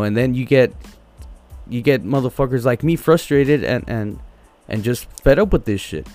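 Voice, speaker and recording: A man's voice: mid-range voice, expressive, normal speed, darkish tone, soft background music. A man on a podcast telling a heated story, swearing constantly and repeating words as he goes. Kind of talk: casual profane storytelling.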